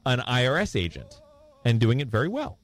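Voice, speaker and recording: Thoughtful podcast co-host man, lively pitch. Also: fairly quick. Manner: thoughtful, restarts often, agreeable. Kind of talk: casual chat.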